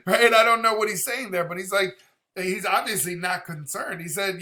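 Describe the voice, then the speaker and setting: A man's voice: high-pitched, normal speed, vocal fry, bright, forceful tone. A man reacting to a rap song, thinking aloud about the lyrics, laughing often and swearing casually. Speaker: reaction video host.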